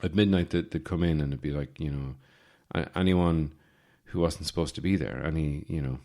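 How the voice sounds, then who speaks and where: Irish guy in his 40s, super low voice, deadpan rambling podcast talk, lots of ums. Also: normal speed. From Ireland. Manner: deadpan, digressive, with frequent fillers and restarts. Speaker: podcast host. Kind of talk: rambling comic monologue.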